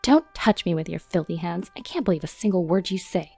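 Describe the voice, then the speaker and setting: A woman's voice: lowish voice, expressive, a little fast, creaky, mellow, husky, no room sound, faint music behind, exaggerated voice. A woman voicing an indignant young woman who has been deceived by her live-in boyfriend, read out in a storytelling narration. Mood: bitter.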